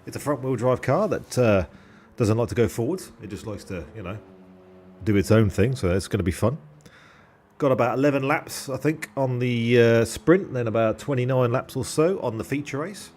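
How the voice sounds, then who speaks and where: A man's voice: medium pitch, expressive, moderate pace, darkish tone, slight background noise. A young man commentating a sim race on a live stream, chatty and jokey, with casual swearing and thanks to subscribers.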